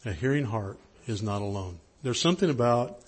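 A husky-voiced middle-aged man preaching from the pulpit, easygoing and conversational as he tells a story. His voice sits at an ordinary pitch, with a slightly breathy edge. He jumps higher when he acts out what people said. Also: lively intonation, fairly quick. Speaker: pastor. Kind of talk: sermon with a personal story.

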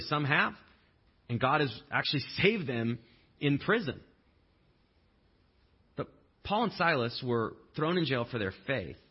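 A male pastor delivering a sermon in a relaxed, conversational way, with humorous asides and acted-out quotes. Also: mid-range voice, husky, dull audio.

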